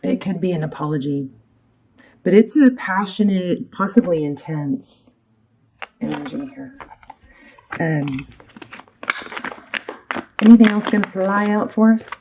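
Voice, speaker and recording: A woman's voice: on the low side, expressive, a little slow, long pauses, darkish tone, slight background noise, low-quality recording. A woman giving a casual, rambling tarot reading to camera, chatty and easily sidetracked, with many fillers. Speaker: tarot reader. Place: home room with her dog.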